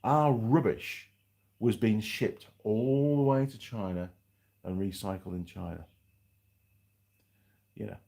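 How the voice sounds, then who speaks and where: A man's voice: fairly low pitch, mellow. A man hosting a live stream from his workshop, chatting casually and rambling through viewer comments with restarts and asides. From United Kingdom. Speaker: livestream host. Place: home workshop.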